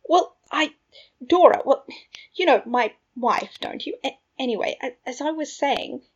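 A mild, reasonable young wizard, voiced by a woman speaks quietly and stammers when unsure. The voice is husky and somewhat high. The sound is dull and lo-fi. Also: expressive, a little fast, heavily acted. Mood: flustered. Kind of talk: fan fiction audiobook reading. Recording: dull lo-fi recording.

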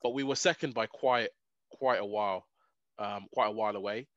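A man, co-hosting a casual sports podcast in excitable, animated banter. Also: on the low side, fairly quick, no echo. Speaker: podcast co-host. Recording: dull, dry lo-fi mic.

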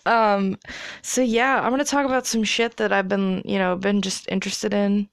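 A young woman hosting her own podcast, rambling about her life in a relaxed, profane way with lots of fillers. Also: mid-range voice, moderate pace, gravelly, clear, resonant tone, no room sound, clean studio sound. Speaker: podcast host. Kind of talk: casual solo chat.

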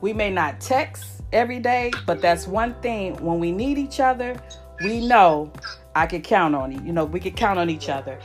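A woman in her forties hosting a podcast, speaking with deep emotion to her lifelong friends, often repeating herself in a folksy way. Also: lively intonation, normal speed, faint music behind. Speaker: podcast host. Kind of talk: heartfelt casual chat.

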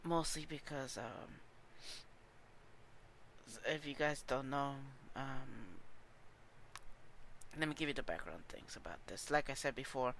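Brief: male podcast host, casual solo talk, stumbling and frank, bright sound. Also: mid-range voice, slow pace, gravelly, long pauses, a little hiss or hum. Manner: hesitant, many fillers and restarts; candid and informal.

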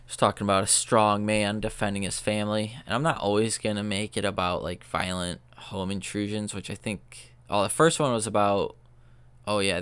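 A man's voice: on the low side, a bit bright, clear, resonant tone, no room sound. A young man hosting a podcast, telling a story in loose, profane chat full of fillers. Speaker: podcast host. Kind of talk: casual rambling storytelling.

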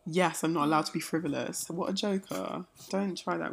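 A woman's voice: on the low side, steady tone, fairly quick, vocal fry, breathy edge. A young woman chatting casually as a co-host, sassy and playful, teasing her friend. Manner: sassy, playful teasing with sudden loud outbursts. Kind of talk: casual chat.

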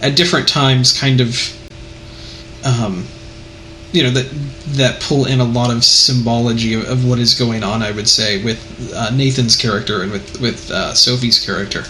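A man's voice: mid-range voice, steady tone, moderate pace, sharp tone, a little hiss or hum, poor audio. A man in casual conversation about a movie, speaking thoughtfully and hesitantly with many fillers. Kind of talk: casual film discussion.

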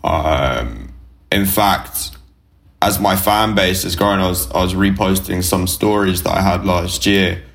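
A man from the UK with a deep, low voice co-hosts a casual podcast. He talks bluntly and frankly, swears freely and fills pauses with ums. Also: creaky, fairly bright tone. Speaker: podcast co-host. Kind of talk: casual chat.

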